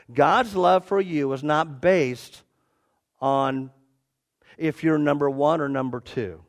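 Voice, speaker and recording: A middle-aged man preaching a sermon as pastor, animated, repeating his phrases and dropping to a quiet, soft prayer. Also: a little high. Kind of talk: sermon with a told joke.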